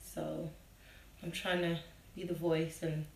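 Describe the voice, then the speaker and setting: A woman with a Birmingham accent, a guest talking in a relaxed, friendly way. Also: deep voice, takes it slowly, gravelly, reverberant, far from the mic, a little hiss or hum, low-quality recording. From Birmingham, England. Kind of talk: casual interview talk.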